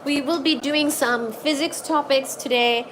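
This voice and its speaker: A woman's voice: high voice, steady tone, a little slow, noisy background. A woman hosting a casual livestream from home, reading chat comments aloud and cooing baby talk at her cat.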